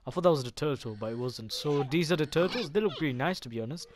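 A man giving casual gameplay commentary as a gaming YouTuber, excitable and swearing often as he reacts aloud to what he sees. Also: a little high, fast, slight background noise. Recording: game music clearly behind the voice.

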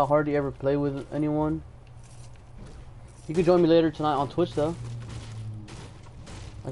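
A young Texan gaming streamer with a voice on the high side chats casually and jokes while reading viewer messages aloud during a live game stream. There's a little hiss or hum.

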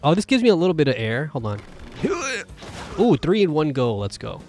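A man hosting a live gameplay stream, commentating in an excitable, rambling way, with lots of exclamations. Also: a little high, brisk, soft background music. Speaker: gaming video host.

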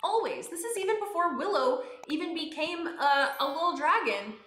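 A young woman chats excitedly while streaming a game, jumping between high squeals and low mutters. Her voice sits high and bright, and it swoops all over the place. The room is echoey, with game music playing faintly behind her. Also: moderate pace. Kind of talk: live-streamed game play.

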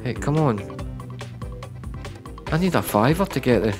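A man giving live commentary on slot machine spins, chatty and prone to repeating words, breaking into loud excited bursts. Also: medium pitch, measured pace, music in the background. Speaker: online slots streamer.

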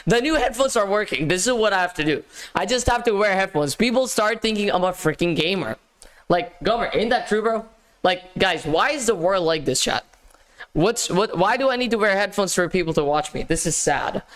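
High, animated, and a bit bright, a man's voice moves at normal speed. He's a livestream host doing casual gaming chat, using slang and calling out viewers by name.

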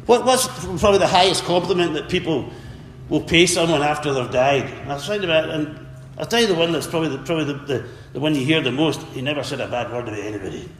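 A man's voice: fairly high pitch, quick pace. Earnest preacher man in an echoey hall. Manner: earnest, repeats words, calls for amens. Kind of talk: sermon. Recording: echoey hall with faint ambience.

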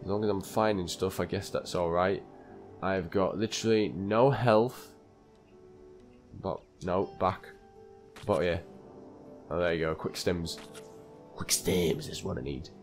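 A man's voice: sits low, unhurried, long pauses, faint music behind. A man giving live gameplay commentary, talking to himself in a flustered way and repeating phrases as he plays. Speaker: gaming channel host.

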